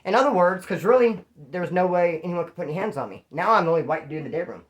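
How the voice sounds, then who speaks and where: Very fast and animated, this high-voiced man is a former inmate telling casual stories. His storytelling is slangy and profane, and he acts out others' lines as he goes.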